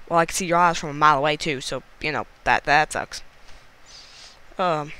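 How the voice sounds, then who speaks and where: A man's voice: on the high side, lively intonation, measured pace, pauses often, pushed and bright. A man hosting a gaming channel, giving playful, jokey let's-play commentary into a desk mic and exclaiming often.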